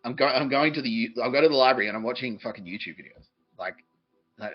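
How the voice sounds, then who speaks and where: A husky man rants through a rambling, profane podcast monologue, swearing freely and slipping into mocking voices. His voice sits mid-range, and the recording sounds dull and lo-fi. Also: medium pitch, fast talker, faint music behind. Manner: profane, ranting, mocking others in put-on voices. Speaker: podcast host.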